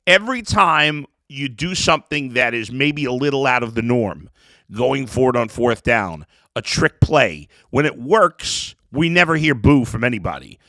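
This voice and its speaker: A man's voice: mid-range voice, pushed and bright, no echo. A man hosting a sports podcast, talking through an emotional, rambling opinion monologue with lots of restarts.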